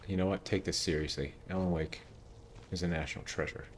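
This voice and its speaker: A male streamer with a low voice chats and jokes through gameplay in a relaxed, playful way. Faint ambient noise sits behind him. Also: fairly quick. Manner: chatty, playful, joking. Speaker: game streamer. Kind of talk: casual gameplay commentary.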